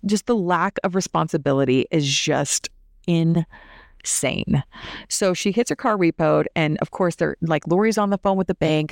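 A woman's voice: low-pitched, creaky, dry recording, clean studio sound. A woman recapping a reality TV episode in a casual, opinionated way, saying "like" often. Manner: chatty and opinionated, heavy use of "like".

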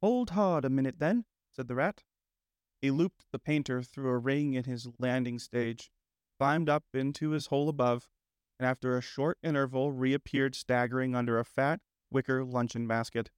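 A man narrating a classic storybook in a measured, gentle, unhurried manner. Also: mid-range voice, little pitch movement, smooth, dry recording, studio quality. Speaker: audiobook narrator.

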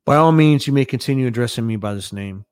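A man reading the lines of a calm, solemn angel who instructs a faithful believer. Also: mid-range voice, quick pace, smooth, dry recording, studio quality, close to an everyday voice.

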